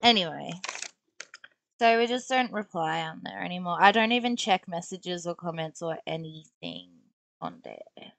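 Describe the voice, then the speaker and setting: A woman's voice: fairly low pitch, sing-song, moderate pace, gravelly, fairly bright tone, dry recording. A young woman streamer chatting casually and playfully while building tiny block figures, talking to herself as she works.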